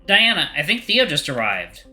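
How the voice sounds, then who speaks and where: A man voicing a calm young man who talks gently and reassuringly. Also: on the high side, moderate pace, faint music behind, voice pushed up, exaggerated voice. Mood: gentle.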